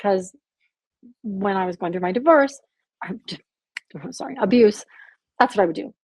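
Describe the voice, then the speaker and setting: A woman's voice: medium pitch, lively intonation, normal speed, breathy edge, no echo. A married woman speaking as a podcast guest, talking candidly and earnestly in a casual, conversational way with lots of "like". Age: adult, married with children. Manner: earnest, candid, heavy use of "like". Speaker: guest, abuse survivor and author.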